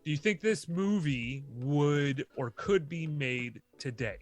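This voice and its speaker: A man's voice: on the high side, slow pace. A man co-hosting a podcast, chatting casually and rambling a little, with free swearing. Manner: rambling, loose, swears freely. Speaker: podcast co-host. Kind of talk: casual chat.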